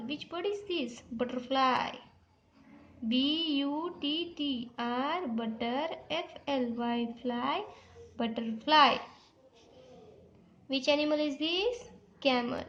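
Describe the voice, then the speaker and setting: A woman's voice: sits high, bright, forceful tone. A woman teaching a young class, reading a poem aloud and spelling out words letter by letter. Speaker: primary school English teacher. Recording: dull lo-fi audio in an echoey room.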